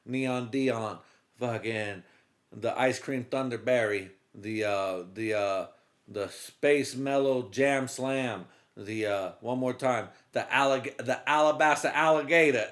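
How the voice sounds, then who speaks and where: A man's voice: medium pitch, takes it slowly, fairly bright tone. A man hosting a comedy podcast, telling a story casually in a profane, rambling way with lots of fillers. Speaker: podcast host.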